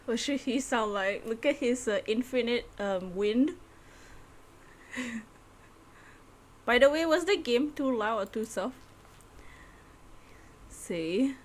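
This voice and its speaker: A woman's voice: a little high, lively intonation, slow, long pauses, slight background noise. A woman streaming a game live, chatting playfully and giggling as she reacts to the story. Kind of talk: live game playthrough commentary.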